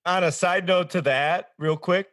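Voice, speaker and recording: A man's voice: sits high, fairly even intonation, measured pace, fairly bright tone, no echo, studio quality. A man co-hosting a podcast, chatting casually and laughing easily as he talks about his singing range. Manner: chatty and laughing, voice jumps up when amused. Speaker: podcast co-host and singer.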